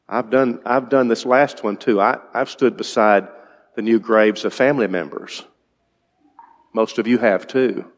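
A male preacher giving an evening sermon in a conversational way, asking his congregation questions. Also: medium pitch. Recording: long reverb in a large hall.

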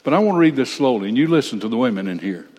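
An older man preaching a sermon, reading scripture slowly and breaking off for folksy, blunt asides. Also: mid-range voice, very animated, darkish tone. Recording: reverberant hall.

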